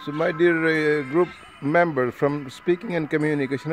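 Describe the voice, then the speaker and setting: A man's voice: fairly high pitch, animated, a little fast. Chatty man with music behind. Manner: chatty, addresses listeners one by one, frequent tag questions. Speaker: vlogger addressing an online speaking group. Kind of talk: casual rambling video message. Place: outdoors while travelling.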